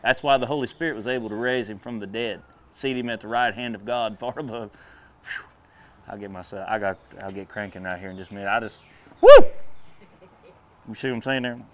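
A man preaching a sermon in a folksy, animated way, drawling and then breaking into sudden loud bursts. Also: lowish voice, quick pace.

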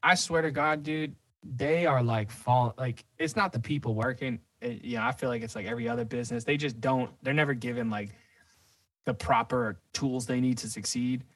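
A man's voice: medium pitch, fairly even intonation, normal speed, a bit bright, no echo, recorded from a distance. A man co-hosting a podcast, ranting casually with lots of swearing and filler. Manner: profane, rambling, says dude a lot. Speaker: podcast co-host.

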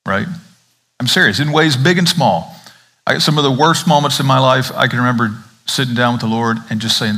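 A man's voice: medium pitch, brisk, pushed and bright. A man from the American South with a Southern accent, a pastor preaching an Advent sermon in a conversational way, asking the congregation questions.

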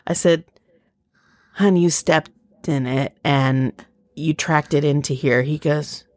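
A woman in her thirties co-hosting a podcast tells a long story in a deep voice at a slow pace, with no room sound. Her casual chat rambles, animated with fillers and acted-out quotes in different voices.

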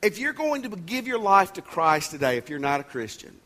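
A pastor preaches in a somewhat high-pitched male voice, talking to the congregation in a plain, conversational way. He leans hard on his key points and drops folksy asides and jokes between them. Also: big pitch swings, a little fast, sharp tone. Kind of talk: sermon.

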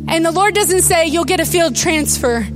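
High-voiced woman pastor preaching over music. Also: normal speed. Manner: emotional, tearful at moments, animated storytelling. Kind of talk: sermon.

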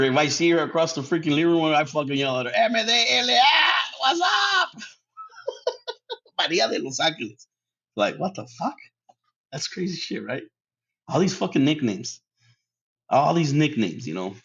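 A man's voice: medium pitch, fairly bright tone. A man hosting a casual solo podcast. He laughs often, swears freely and drops Spanish words into his English. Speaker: podcast host. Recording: dull lo-fi sound.

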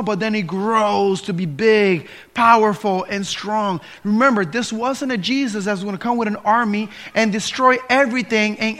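Pastor, male, high bright voice, earnest sermon delivery with fillers and restarts, church sanctuary.

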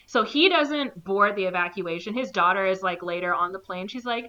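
Woman podcaster, bright tone, animated recap voice, lo-fi sound. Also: mid-range voice. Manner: animated storytelling, acting out characters with quick quoted lines. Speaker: podcast co-host recapping a movie. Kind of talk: casual chat. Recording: slightly dull lo-fi recording.

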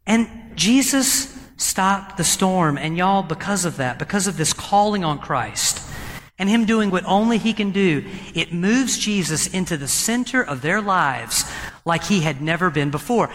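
Pastor, high tenor voice, sermon with reverb from a large hall. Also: male voice. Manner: animated preaching, slows for emphasis, acts out voices.

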